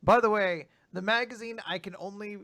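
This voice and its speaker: A man casually recapping a manga chapter on a podcast, animated, often laughing and acting out characters' lines. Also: sits high, normal speed, no echo. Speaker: podcast co-host.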